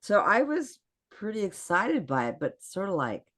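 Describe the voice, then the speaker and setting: A woman's voice: medium pitch, moderate pace. A woman guest on a podcast video call, telling stories in casual chat and acting out what people said. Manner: animated storyteller acting out quotes.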